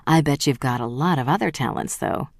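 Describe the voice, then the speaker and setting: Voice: medium pitch, fairly quick, vocal fry, no room sound, studio quality. An audiobook reader voicing a flirtatious man with a yacht, talking in a breezy, forward way. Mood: flirting.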